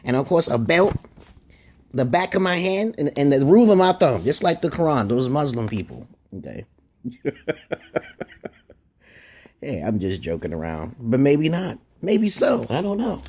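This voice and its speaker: A man's voice: medium pitch, a little mellow, husky. A man vlogging a rambling opinion monologue, often stopping to ask "okay?" and restarting his words, with casual swearing.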